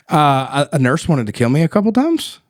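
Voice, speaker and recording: A man's voice: on the high side, vocal fry, dry recording, studio quality. Laughing man telling a story. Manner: animated storyteller, laughs often. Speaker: podcast co-host. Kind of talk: casual storytelling chat.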